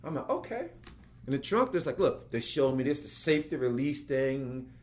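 A man, a working actor, telling an anecdote as a guest and acting out the voices of the people in it. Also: a little fast. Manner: lively, acts out quotes with big pitch jumps. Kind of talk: animated storytelling.

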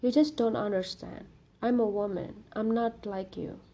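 A woman's voice: medium pitch, fairly even intonation, moderate pace, warm tone, lightly acted. A woman voicing a frightened young woman student who is anxious and tearful, in a storybook reading.

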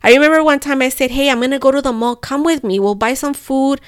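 A young woman, telling a story on a podcast in an animated, profane way and slipping into phrases. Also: high voice, fast, no echo, clean studio sound. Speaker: podcast co-host. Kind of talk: casual storytelling chat.

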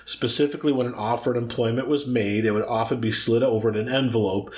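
A middle-aged man in relaxed podcast chat, teasing his co-host with a multiple-choice quiz. His voice sits in an ordinary middle pitch, and he talks in an easy, jokey way. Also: fast. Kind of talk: casual chat.

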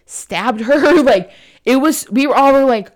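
A woman's voice: sits high, a little slow. A young woman casually telling a story on a chat show, swearing often, saying "like" a lot and acting out what others said. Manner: profane, fillers of "like", lively quoting.

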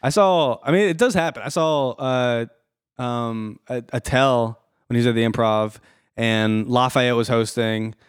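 A man's voice: medium pitch, measured pace, clean tone, dry recording, studio quality. A man, a stand-up comic, in casual podcast chat, laughing often, swearing and repeating words.

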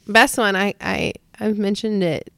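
A woman's voice: medium pitch, a little slow, smooth, no room sound. A young woman, a preschool teacher, chatting on a podcast and telling funny classroom stories with lots of laughter. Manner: animated storyteller, laughs often. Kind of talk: casual chat.

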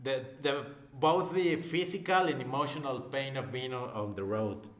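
Male host, mid pitch, hesitant English, echoey room on a call. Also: moderate pace. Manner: hesitant, searches for English words. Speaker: podcast host. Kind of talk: casual interview. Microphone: remote call mic.

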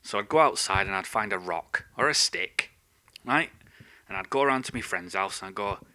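Podcast host, low voice with a sharp, forceful edge, swears a lot, rambles through an animated rant. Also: male voice, moderate pace. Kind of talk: ranting monologue.

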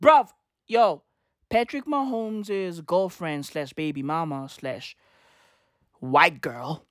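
A woman's voice: on the low side, slow, no room sound. Slangy ranting woman, dry close sound. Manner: slangy, profane, repetitive hype talk. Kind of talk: comedic sports rant.

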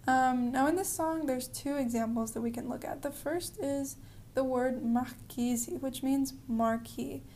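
A woman with a high, mellow voice leads a podcast pronunciation lesson. She explains in a friendly way and slows down to model each word. A faint noise sits under the recording. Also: fairly even intonation. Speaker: language teacher.

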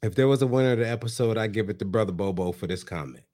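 A man's voice: on the low side, racing, a little mellow. A male podcast co-host recapping in casual chat, laughing and acting out quotes. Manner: laughing storyteller, acts out quotes.

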